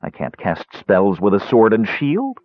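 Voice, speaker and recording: A man doing a low, harsh big warrior. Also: wildly swooping pitch, a little slow, no echo. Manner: murmuring, harsh. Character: big deluded male warrior, soft and harsh. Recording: tinny narrow-band dry recording.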